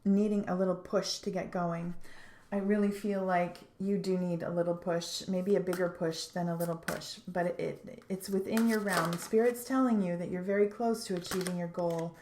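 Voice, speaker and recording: A woman's voice: medium pitch, darkish tone, slight background noise. Earnest woman giving a tarot reading, echoey room. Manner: earnest, halting, with many restarts and fillers. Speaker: tarot reader.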